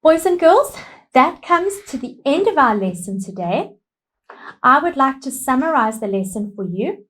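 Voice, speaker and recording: A woman teaching a lesson to young children, animated and emphatic in simple words. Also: high voice, normal speed, rough recording.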